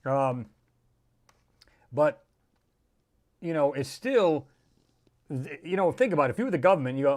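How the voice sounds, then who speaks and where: A man's voice: a little high, lively intonation, normal speed, pauses often. A middle-aged man hosting a casual livestream, talking in a rambling, emphatic way and acting out the people he quotes. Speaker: channel host.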